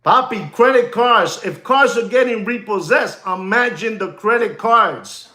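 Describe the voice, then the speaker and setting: A man with a high-pitched voice rants in an echoey room. He hosts a watch dealer's livestream, hammering every point with repetition and slipping Spanish phrases in. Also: animated, a little slow, pushed and bright. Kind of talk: ranting livestream monologue.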